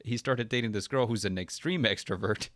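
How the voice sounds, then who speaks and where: Low-voiced man in dry casual chat. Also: brisk, no echo. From Texas. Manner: laughing, animated storytelling with impressions. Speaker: podcast host.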